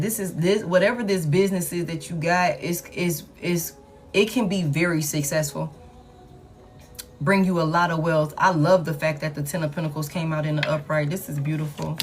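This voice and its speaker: A woman's voice: deep voice, fairly even intonation, normal speed, soft background music. A woman giving a casual tarot reading in a repetitive, emphatic, slangy pep-talk manner. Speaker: tarot reader.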